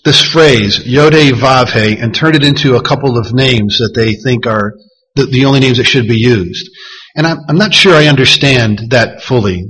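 Husky-voiced man teaching a sermon. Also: mid-range voice, fairly bright tone, low-quality recording. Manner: teaching, measured and explanatory. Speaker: pastor.

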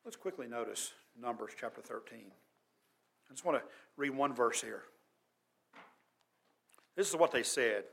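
A man preaching a sermon as pastor, earnest and emphatic, his voice swelling loud and dropping quiet. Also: medium pitch, animated, unhurried, gravelly, pauses often, husky.

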